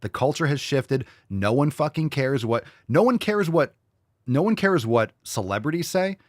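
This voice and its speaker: A man's voice: mid-range voice, lively intonation, moderate pace, no room sound, clean studio sound. A man hosting a podcast, reacting to clips with mocking, profane, ranting political commentary. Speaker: podcast host.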